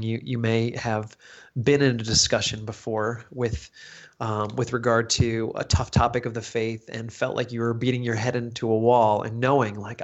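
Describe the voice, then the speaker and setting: American guy on a podcast, earnest, thinks out loud, keeps rephrasing. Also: medium pitch, dull audio. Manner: thoughtful, earnest, explains at length with restarts. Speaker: podcast co-host, teacher. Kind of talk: casual podcast discussion.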